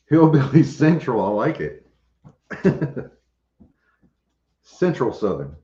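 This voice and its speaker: A man's voice: mid-range voice, very animated, extremely slow, mellow. A man hosting a casual livestream, chatting with viewers in a laid-back, joking way. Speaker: homestead channel host. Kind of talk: casual livestream chat, reading viewer comments. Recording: roomy, dull lo-fi audio.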